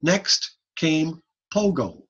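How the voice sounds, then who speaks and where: A man giving an informal online lecture, lively and blunt, over a computer mic on a video call. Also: on the high side, extremely slow, husky, lo-fi sound. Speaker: audiology lecturer.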